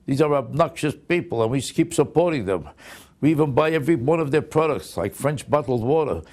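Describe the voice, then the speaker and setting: A man's voice: mid-range voice, animated, brisk, a little mellow. An older man, delivering an indignant comic rant full of incredulous rhetorical questions. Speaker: comedian. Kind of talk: stand-up style comic rant to camera.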